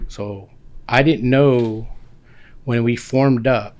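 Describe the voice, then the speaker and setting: A man in his fifties from Guam, a guest telling casual stories about his army years, animated and full of restarts. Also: mid-range voice, slow pace. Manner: animated, acts out quoted dialogue with many restarts. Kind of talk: casual storytelling.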